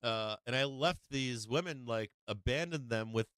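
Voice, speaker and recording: A man's voice: mid-range voice, normal speed, a bit bright, clear, resonant tone, no room sound. A man hosting a live stream, telling a casual anecdote in a rambling way, full of fillers, swearing and laughs. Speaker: host of a stock market live stream.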